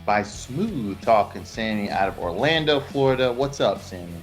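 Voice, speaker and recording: A man's voice: lowish voice, moderate pace, faint music behind. A man hosting a casual sports podcast, telling joking stories and chatting with his co-host. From Los Angeles, California. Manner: joking storyteller, lively swings in loudness.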